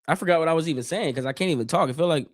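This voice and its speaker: A man from Northeast Ohio hosting a live stream, giving casual play-by-play, chatting with viewers in loose slang, his voice getting hoarse. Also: on the high side, rapid-fire, dry recording, studio quality. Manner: chatty, loose slang, reads chat aloud. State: voice going hoarse.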